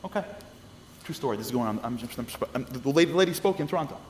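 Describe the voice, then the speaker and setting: Guy giving a talk to a congregation, lively storyteller, hall echo and a bit of hiss. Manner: lively, acts out the people in his stories with quick shifts of pitch. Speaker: speaker at a congregation lecture. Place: synagogue hall. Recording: long reverb of a hall, faint noise.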